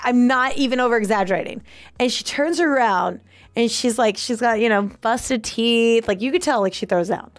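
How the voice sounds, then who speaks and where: Animated storytelling woman, high voice. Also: normal speed, no room sound. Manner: acts out voices, frequent laughter. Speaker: co-host.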